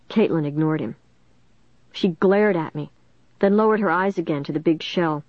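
A woman reading a first-person audiobook in a steady, measured way. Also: low-pitched, no echo, muffled recording. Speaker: audiobook narrator.

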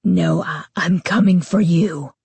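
A woman voicing a girl in a monster mask, speaking in a gruff, raspy, slow growl for a storybook reading. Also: lowish voice, darkish tone, no echo, full character voice. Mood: menacing.

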